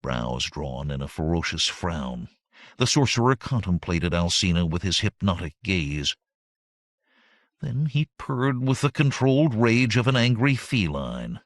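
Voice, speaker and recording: A man narrates a fantasy audiobook in a very low voice with a lively, wide-ranging delivery. His reading is expressive and dramatic. The sound is dry and close, with no room echo. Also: measured pace.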